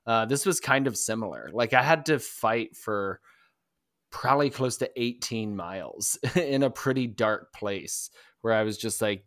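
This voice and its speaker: A man co-hosting a podcast, telling a story in casual chat, rambling and halting with many fillers and restarts. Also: mid-range voice, fairly bright tone, no room sound, studio quality. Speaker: podcast co-host.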